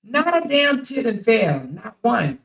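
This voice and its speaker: Gravelly-voiced woman livestream host. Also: on the high side, slow pace, rough recording. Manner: animated, incredulous, talks straight to viewers. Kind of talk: casual livestream commentary.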